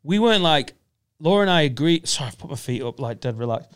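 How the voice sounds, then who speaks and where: A man's voice: fairly high pitch, expressive, fast, fairly bright tone, smooth. A man, a comedian guest telling anecdotes on a casual podcast, acting out other people's voices and swearing freely.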